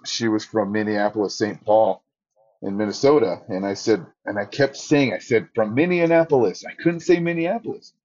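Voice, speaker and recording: A man's voice: on the low side, normal speed, a little mellow, lo-fi sound. A man, a ring announcer, telling stories in a casual interview and acting out his own quotes with a raised voice.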